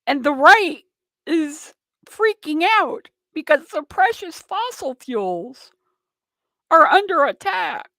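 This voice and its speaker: Woman radio host, sarcastic ranting monologue, fairly high voice, dry studio sound. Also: big pitch swings, slow, pushed and bright, dry recording. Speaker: radio talk show host. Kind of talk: political talk radio monologue.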